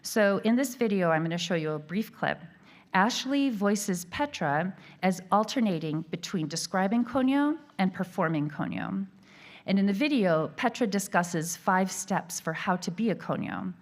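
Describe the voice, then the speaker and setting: A woman giving an academic keynote lecture, reading a prepared text in a measured way. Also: mid-range voice, lively intonation. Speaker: keynote speaker.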